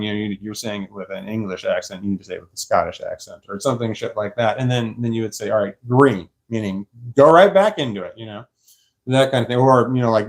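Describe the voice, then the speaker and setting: A man's voice: lowish voice, fast talker. A man rambling casually to camera, swearing freely and laughing now and then. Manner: rambling, profane, laughs often. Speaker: vlogger.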